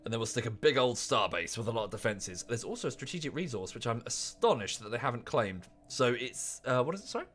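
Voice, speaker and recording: A man's voice: mid-range voice, very animated, fast, few pauses, fairly bright tone. A man streaming a strategy game from home, thinking aloud in a chatty, rambling way with offhand asides. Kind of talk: casual live-stream commentary.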